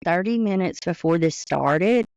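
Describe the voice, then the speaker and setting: Southern woman teacher co-host, smooth with some fry, relaxed chatty. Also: fairly low pitch, a little slow, dry recording, highs cut off. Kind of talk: casual chat.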